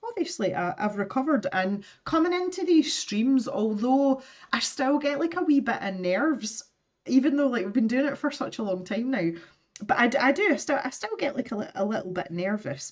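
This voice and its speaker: A woman's voice: fairly high pitch, expressive, normal speed. A woman with a Scottish accent hosting an art live stream, chatting casually while she draws, laughing often and greeting viewers.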